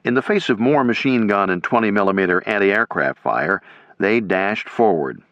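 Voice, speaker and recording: Man, audiobook narrator, measured scripted reading, dry close mic, muffled lo-fi. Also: fairly low pitch, animated, fairly bright tone, no echo. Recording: dull lo-fi.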